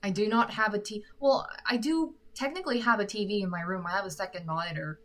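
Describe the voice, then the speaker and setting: She talks fast in a mid-range voice, an American singer fielding questions on a casual livestream from her room. The microphone has a sock over it, and her manner is chatty and self-mocking.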